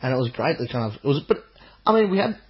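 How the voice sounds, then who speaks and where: Man, quick talker, raspy voice, eager football chat, muffled recording. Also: mid-range voice, big pitch swings. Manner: quick, enthusiastic, chimes in with short agreements. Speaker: podcast co-host. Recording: dull lo-fi podcast audio.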